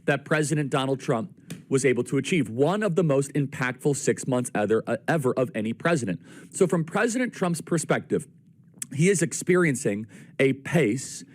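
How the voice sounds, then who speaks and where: Political commentator guy, slightly high voice, rattles off points with confidence. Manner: confident, lists points and addresses viewers. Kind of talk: talk show commentary.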